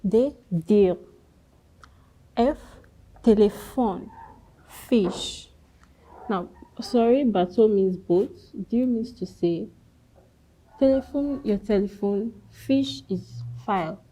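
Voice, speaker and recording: A woman's voice: mid-range voice, dark tone, slight background noise. A woman teaching French pronunciation, speaking carefully and repeating each example word. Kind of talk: slow pronunciation lesson.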